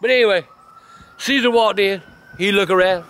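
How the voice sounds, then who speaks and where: An older man with a high-pitched, slightly bright voice at normal speed tells rambling family stories on camera, full of cursing, as a grandfather. Whenever his son interrupts, he snaps at him.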